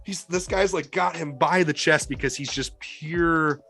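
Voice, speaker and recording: Man, bright tone, casual podcast film talk, rambling, restarts, faint music behind. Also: fairly high pitch, measured pace, gravelly. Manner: rambling, many restarts and fillers. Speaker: podcast co-host.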